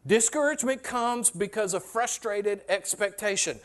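High-voiced man preaching a sermon. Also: moderate pace. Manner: conversational preaching, repeats key phrases, acts out everyday voices. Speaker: pastor. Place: church sanctuary with a congregation.

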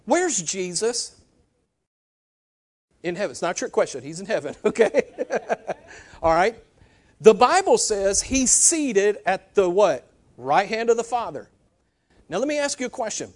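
Male preacher, high voice, animated teaching sermon with frequent "okay?" check-ins. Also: measured pace, long pauses.

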